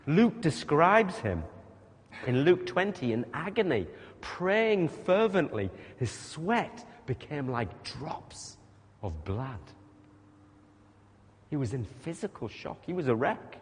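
Male preacher, lively sermon delivery, big echo of a hall. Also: on the high side, takes it slowly. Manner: emphatic, animated, rhetorical questions to the congregation. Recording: long reverb of a large hall.

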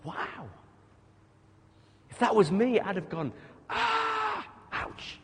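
A man's voice: sits high, lively intonation, takes it slowly. A man preaching a sermon, speaking emphatically and putting rhetorical questions to the congregation. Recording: long reverb of a large hall.

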